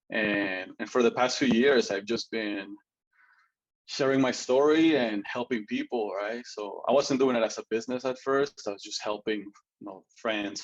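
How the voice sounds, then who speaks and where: Man, low voice, earnest, chatty storytelling, muffled lo-fi audio. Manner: earnest, lots of "right?" and "like", laughs often. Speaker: guest. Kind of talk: personal story in an interview.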